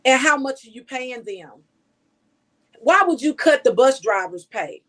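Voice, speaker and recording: A woman's voice: high-pitched, animated, measured pace, fairly bright tone. A woman journalist giving outspoken, scolding news commentary full of rhetorical questions.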